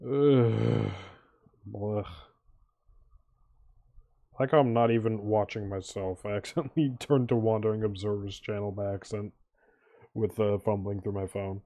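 A man's voice: fairly low pitch, steady tone, a little fast, dark tone. A worn-out, sleepy man streaming a game, talking casually over his play and mumbling with sighs and groans. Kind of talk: casual gameplay commentary.

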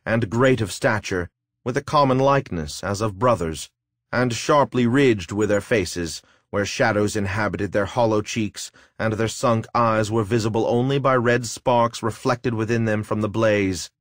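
Man reading a dark fantasy story, slow solemn delivery, deepish voice, no room sound. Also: dry recording, clean studio sound. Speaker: audiobook narrator. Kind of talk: scripted narration.

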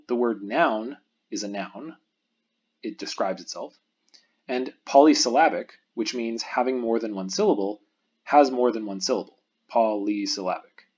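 A man at a middle pitch with a slightly husky voice explains a math lecture patiently, step by step. His intonation moves a lot, rising and falling as he walks through each case. The recording sounds a little dull and lo-fi. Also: darkish tone. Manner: patient explanatory lecturing, pauses for the viewer to think.

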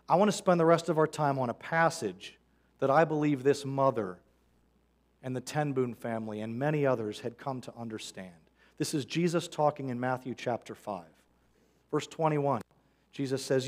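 A man's voice: mid-range voice, normal speed. A man preaching a sermon as a pastor, earnest and conversational, quoting scripture. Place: church sanctuary.

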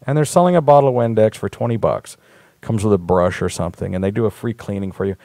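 A man's voice: on the low side, fast, warm tone, no echo. A man hosting a live talk show, telling rambling stories in a blunt, profane, casual way. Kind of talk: casual live-stream monologue.

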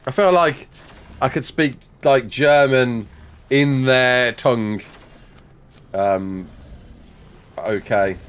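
A man's voice: mid-range voice, very slow, long pauses, smooth. A man streaming a game live, chatting and joking with viewers, laughing often, on a headset mic. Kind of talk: live gameplay chat.

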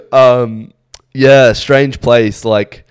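A man's voice: medium pitch, wildly swooping pitch, very slow, clean tone, no echo, clean studio sound. A young Australian man co-hosting a podcast, telling rambling stories in a laid-back, casual way with lots of fillers. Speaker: podcast co-host. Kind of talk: casual chat.

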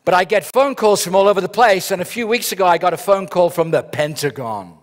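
A man's voice: high voice, a little fast. A middle-aged man giving a humorous conference keynote, telling stories that build to punchlines. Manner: joking, storytelling with punchlines. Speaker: keynote speaker. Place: large conference hall. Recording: long reverb of a large hall.

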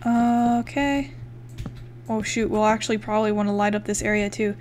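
A woman's voice: mid-range voice, steady tone, normal speed, a little mellow, slight background noise. A young woman giving casual let's-play commentary, chatting, swearing freely and counting blocks aloud as she builds. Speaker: gaming YouTuber.

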